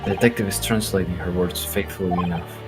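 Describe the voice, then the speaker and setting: A man's voice: sits low, steady tone, fast, over music, natural voice. A man voicing an earnest young defense attorney in a casual fan reading of a game.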